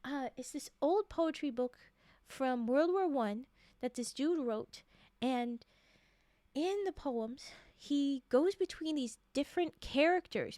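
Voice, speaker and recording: A woman streamer chatting casually with her viewers, soft-spoken and rambling, with lots of fillers and laughs. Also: sits high, no echo. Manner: soft-spoken, drifting into quiet murmurs.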